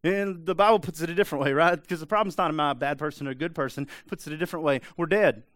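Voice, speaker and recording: A male pastor preaching a sermon in an emphatic, conversational way, dropping into quiet, intense asides and acting out voices. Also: a little high, very fast, no room sound.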